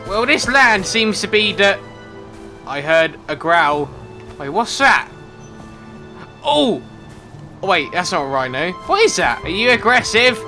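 A young man giving excitable let's-play commentary, yelping and shouting whenever something surprises him. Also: high-pitched, slow, pauses often, faint music behind. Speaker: gaming commentator.

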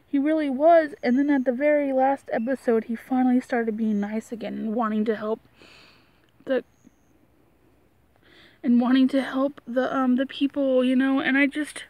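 High-voiced woman rambling about a show. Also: measured pace, no echo. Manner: rambling, emotional, lots of "like" and "you know". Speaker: vlogger. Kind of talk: casual rambling TV review.

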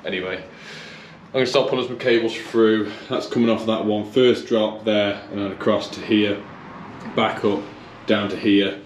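A tradesman with a fairly low voice, talking casually and thinking out loud as he works. The room rings with echo, and a faint noise sits underneath. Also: fairly even intonation, moderate pace. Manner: chatty, thinks aloud, addresses viewers as guys. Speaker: electrician. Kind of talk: casual explaining while working. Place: garage being converted to a kitchen, indoors.

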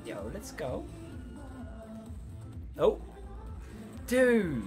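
A man's voice: on the high side, wildly swooping pitch, drawn-out words, over music. A young man hosting a reaction video, talking casually and breaking into hyped exclamations. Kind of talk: excited reaction commentary.

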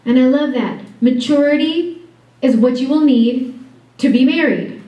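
Woman, conference speaker. Chatty, direct, quick to laugh. Warm tone, heard from a distance. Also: high-pitched, highs cut off. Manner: chatty and direct, laughing often, with playful asides to the audience. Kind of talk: conference talk. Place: conference room before an audience. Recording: echoey room, distant mic.

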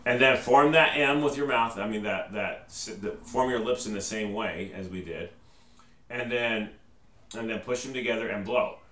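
This trumpet lesson video features a male band teacher with a lowish, fairly bright voice speaking at a moderate pace. He patiently works step by step, checking in with "okay?" each time, over roomy echo, faint noise, and a distant mic.

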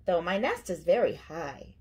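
A woman's voice: lowish voice, very animated, measured pace, breathy edge, exaggerated voice. A woman voicing a small, eager bird in a picture book. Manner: eager, bright.

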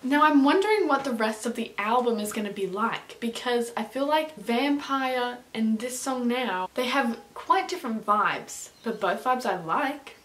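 A woman's voice: fairly high pitch, fairly bright tone. A young woman, chatting casually as she reacts to music, gushing and scattering lots of fillers. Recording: echoey room.

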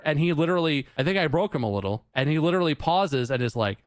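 A man in his thirties, a podcast co-host, telling a story in a casual, animated and exasperated way, swearing freely and acting out other people's lines. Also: on the high side, fast, hardly any pauses, dry recording, studio quality.

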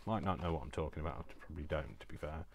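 Male craft vlogger, very deep voice, chatty and self-mocking. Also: rapid-fire, a little hiss or hum. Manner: rambling, self-deprecating asides. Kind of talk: casual chat while crafting.

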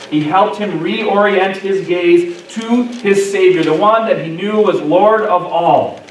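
Pastor, male, higher voice, expressive sermon delivery, acts out quotes, echoey sanctuary, mic at a distance. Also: slow pace. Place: church sanctuary. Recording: echoey church room from far off, faint noise.

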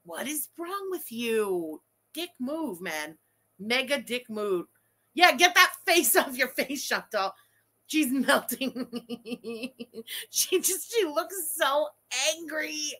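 A woman hosting a live stream, reacting to a video with excited, profane outbursts and frequent laughter. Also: sits high, slow pace.

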